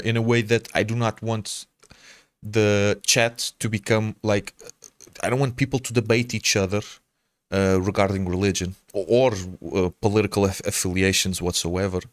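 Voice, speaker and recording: A man's voice: fairly low pitch, fairly even intonation, normal speed, dry recording. A man from Portugal with a mixed Portuguese accent, a game streamer chatting casually with viewers, hesitant, stammering and restarting, calling people brother. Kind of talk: casual chat answering viewers.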